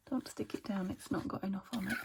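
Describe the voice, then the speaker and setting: Chatty crafting woman, gravelly voice. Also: medium pitch, background noise. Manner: chatty, talks to herself, often drops to a whisper. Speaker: craft vlogger. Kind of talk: casual chat while crafting. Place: home craft room by a window.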